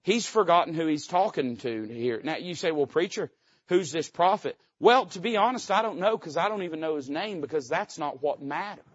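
A man's voice: a little high, lively intonation, moderate pace. Male preacher, folksy and joking, punchy emphatic rises, muffled lo-fi recording. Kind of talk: sermon.

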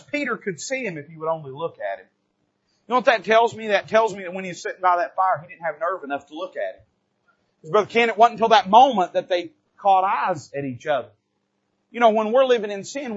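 A man preaching a sermon from a church pulpit, swinging from soft, low asides to loud, emphatic rises. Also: animated, brisk, slightly rough. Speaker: pastor. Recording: dull lo-fi church recording.

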